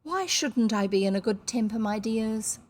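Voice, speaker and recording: A woman doing a shrill, scolding Victorian lady. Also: lively intonation, normal speed, darkish tone, lightly acted. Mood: gushing. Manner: shrill scolding, then gushing sweetness. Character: stout bad-tempered Victorian lady who turns kindly.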